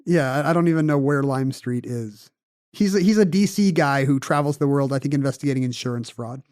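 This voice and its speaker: A man's voice: mid-range voice, darkish tone, no echo. Chatty man telling a story, dry close sound. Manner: conversational storyteller, quick asides. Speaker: podcast co-host. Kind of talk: casual storytelling chat.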